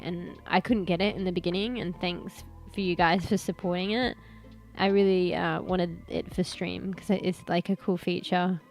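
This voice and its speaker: A woman's voice: mid-range voice, a bit bright. A woman streaming from a room at home, chatting casually and rambling with lots of fillers. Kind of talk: casual chat.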